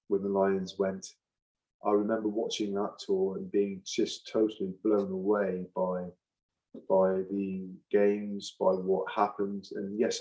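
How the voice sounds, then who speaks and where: A man's voice: fairly low pitch, mellow, poor audio. A middle-aged man, a retired rugby forward, talking in an interview, emphatic and repeating phrases for force. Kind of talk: impassioned interview talk.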